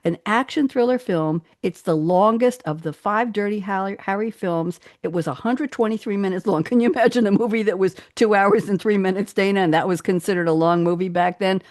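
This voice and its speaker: A woman's voice: medium pitch, expressive, a little fast, no echo, clean studio sound. A woman with a New York accent hosting a talk show, chatty and laughing as she tells stories. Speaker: host. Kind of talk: casual chat.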